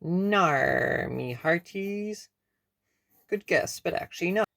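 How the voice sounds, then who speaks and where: A performer voicing a swaggering pirate who talks in drawn-out pirate slang for a comedy sketch. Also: medium pitch, animated, creaky, a bit bright, dry recording, studio quality, full character voice. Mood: jolly.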